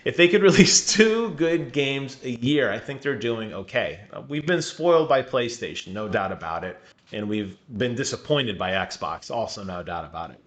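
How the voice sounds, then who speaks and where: A man co-hosting a gaming podcast in casual chat, animated and laughing often, asking questions. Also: medium pitch, normal speed. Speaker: podcast co-host. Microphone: remote call mic.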